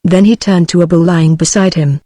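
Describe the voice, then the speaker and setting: A synthetic woman's voice with a British English accent, reading a novel aloud in an even, unchanging text-to-speech delivery. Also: lowish voice, moderate pace, dry recording. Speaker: narrator.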